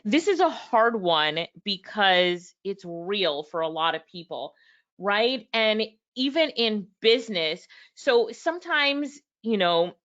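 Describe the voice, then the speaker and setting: A woman with a mid-range, fairly bright, sing-song voice reviews a book live at a slow pace, reading passages aloud and addressing her viewers directly. A book reviewer and business owner, she acts out both sides of past conversations. The audio sounds dull.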